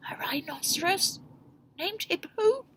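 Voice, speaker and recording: Squeaky high little porcupine boy, shy, polite, storybook voice from a woman, faint hiss. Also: huge pitch swings, slow pace, full character voice. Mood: amazed. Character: small shy young male porcupine. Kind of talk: storybook reading.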